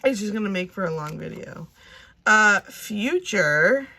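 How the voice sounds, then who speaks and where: A woman in her thirties talks casually to her viewers, thinking out loud and rambling with plenty of fillers. Her mid-pitched voice has a gravelly fry running through it, and she speaks as if chatting at home. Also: lively intonation, a little slow. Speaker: cash budgeting vlogger. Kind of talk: casual chat to camera.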